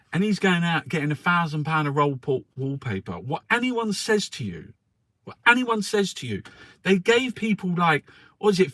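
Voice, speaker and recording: A man's voice: a little high, a bit bright, no room sound. A man who reviews the newspapers in an angry, profane political rant. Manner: angry, profane, swears constantly.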